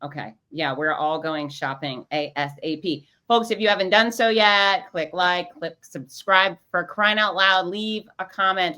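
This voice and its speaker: An upbeat woman host with a lowish voice that has a bright, forceful edge. She calls out to her listeners and keeps the talk moving. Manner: upbeat, hypes the audience. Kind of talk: casual chat.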